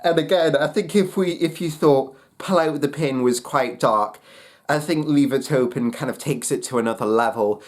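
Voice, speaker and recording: A man's voice: a little high, normal speed. A man giving a casual spoken album review, hesitant and full of fillers and restarts.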